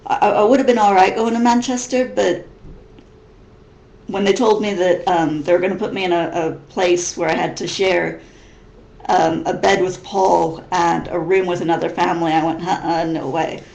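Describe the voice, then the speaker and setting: A woman in her thirties from Missouri, whose American accent is mixed with English, rambles through a casual vlog Q&A with lots of restarts. Her voice is lowish, creaky, and a little mellow, with fairly even intonation at a moderate pace. The recording has a roomy echo.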